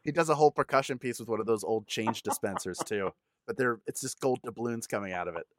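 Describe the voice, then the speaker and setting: A man's voice: mid-range voice, fast talker, dry recording, studio quality. A man co-hosting a comedy podcast, riffing sarcastically in casual chat. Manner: sarcastic, does mock ad voices. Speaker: podcast co-host.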